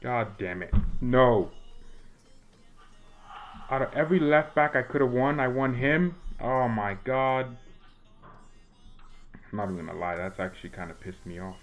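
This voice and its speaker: A man's voice: mid-range voice, animated, quick pace, few pauses, faint music behind. A teenage boy from the United States chatting casually while he plays a video game, rambling with lots of restarts and fillers. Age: teens. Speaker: gaming streamer and fan commentator.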